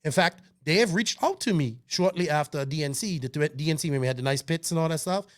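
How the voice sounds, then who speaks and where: A man's voice: fairly high pitch, brisk. Defensive, swearing podcast co-host man. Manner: animated, defensive, swears, restarts often. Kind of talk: heated casual podcast chat.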